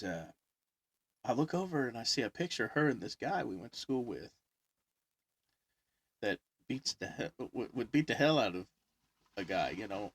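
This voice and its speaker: Man, casual storyteller, rambling with fillers, animated ups and downs in pitch, dry close sound. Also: breathy edge, no room sound. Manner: rambling, many fillers, laughs through his story. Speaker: podcast guest storyteller.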